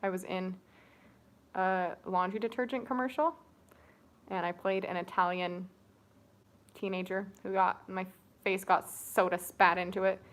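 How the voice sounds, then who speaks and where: A woman's voice: medium pitch, steady tone, unhurried, long pauses. A young woman co-hosting a casual livestream, chatting with viewers and giving audition tips. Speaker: co-host of a family livestream. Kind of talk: casual live-stream chat.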